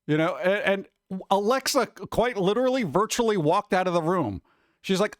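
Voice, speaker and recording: Guy streamer rambling on, kinda high voice, super dry mic. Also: animated, normal speed, no room sound. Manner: rambling, mimics robot voices. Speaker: streamer host. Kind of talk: casual stream chat.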